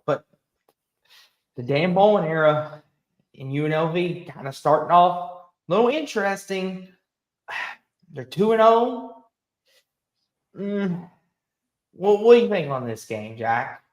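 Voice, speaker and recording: Animated man ranting in an echoey room. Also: high voice, slow pace, long pauses. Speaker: host. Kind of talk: casual sports talk.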